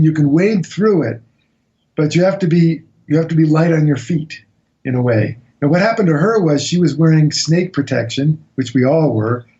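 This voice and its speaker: A man recounting an expedition as a radio interview guest, telling it as a lively anecdote and acting out what people said. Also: on the high side, dull audio. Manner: animated anecdotal storytelling, acts out quotes.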